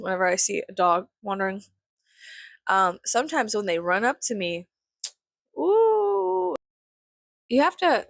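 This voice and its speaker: Young woman vlogger, gravelly and dry, swearing and sarcastic. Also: medium pitch, a bit bright, no echo. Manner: profane, sarcastic, exasperated. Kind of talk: ranting casual monologue.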